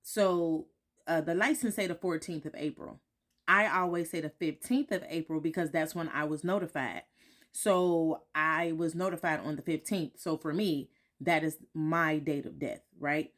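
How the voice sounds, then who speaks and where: A woman's voice: sits low, fairly even intonation, normal speed, fairly bright tone. A woman vlogging at home in a candid, reflective way, often repeating herself and checking in with "right?". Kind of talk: casual reflective talk to followers. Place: home, morning.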